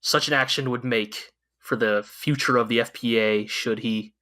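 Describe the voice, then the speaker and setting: A man co-hosting a podcast, chatting about an anime in an excitable, rambling way, with frequent restarts and swearing. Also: mid-range voice, normal speed. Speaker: podcast co-host. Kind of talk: casual anime review chat.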